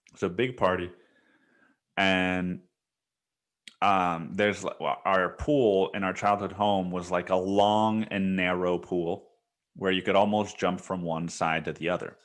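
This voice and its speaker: A man's voice: low-pitched, fairly even intonation, slow pace, long pauses. A young man hosting a solo podcast, telling a story in a rambling, profane way with many restarts. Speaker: podcast host.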